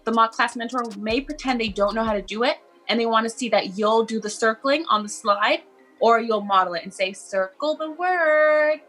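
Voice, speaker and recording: Bright upbeat woman mentor. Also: a little high, a little fast, faint music behind. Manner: upbeat, encouraging. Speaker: online teaching mentor. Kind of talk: instructional video chat.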